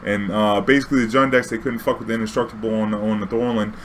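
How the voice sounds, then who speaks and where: A man's voice: lowish voice, level tone, fast, slight background noise. A young man, telling a casual, profane, slang-heavy story as a vlog host. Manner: profane, laid-back, full of slang and fillers.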